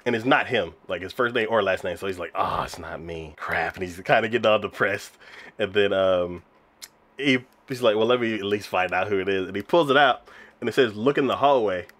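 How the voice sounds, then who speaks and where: A man in relaxed chat, retelling scenes with a lively, swinging pitch. He laughs often and fills his pauses with "um" and "like.". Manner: animated, laughs often, many fillers like "um" and "like". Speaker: podcast co-host reviewing anime. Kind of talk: casual chat.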